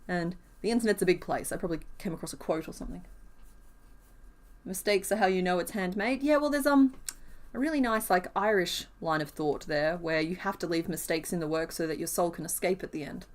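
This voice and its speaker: A woman chats on a live stream as she crochets, talking through each stitch out loud. She wanders off into little tangents and laughs often, and her tone stays relaxed and easygoing throughout. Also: lowish voice, a little fast. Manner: chatty, thinks aloud, laughs often. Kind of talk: casual live-stream chat while crocheting.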